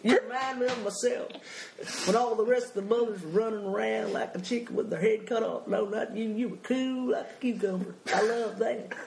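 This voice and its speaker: A woman putting on the voice of a boastful, glad-handing older male president who heaps on rambling flattery. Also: a little high, brisk, creaky. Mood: flattering. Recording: echoey room with background noise.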